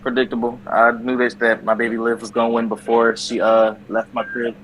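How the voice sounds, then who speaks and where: A man with a mid-range voice talks quickly in a casual chat. He gives his opinions bluntly and in short bursts. Faint ambient noise sits behind him. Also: mid-range voice, monotone, fairly bright tone, low-quality recording.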